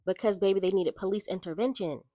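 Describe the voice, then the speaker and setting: A woman's voice: medium pitch, quick pace, dark tone, no echo, soft background music. A woman reviewing books in a casual vlog, reacting with incredulous, exasperated commentary and calling her viewers y'all. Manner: addresses viewers as y'all, baby, child. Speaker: book vlogger.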